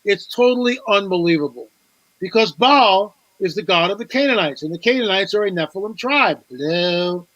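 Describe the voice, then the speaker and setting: A man's voice: high voice, lively intonation, normal speed, fairly bright tone, dry recording, low-quality recording. A man, a guest author on a talk show, telling a story with animation, repeating words and acting out quoted dialogue.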